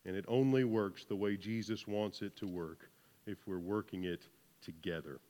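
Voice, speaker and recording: A man's voice: lowish voice, moderate pace, mellow, big-room sound. A man with a Southern US accent preaching a sermon to a congregation, joking with them and often checking in with "right?". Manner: conversational, keeps asking "right?", jokes with the congregation. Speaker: pastor. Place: church hall with about seventy people.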